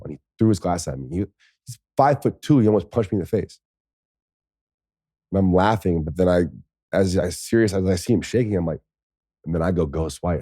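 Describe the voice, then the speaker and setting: Deep-voiced man telling candid stories. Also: moderate pace, pauses often, dry recording, clean studio sound. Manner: rambling, animated, heavy "like" fillers. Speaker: interview guest, former NFL tight end. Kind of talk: candid storytelling.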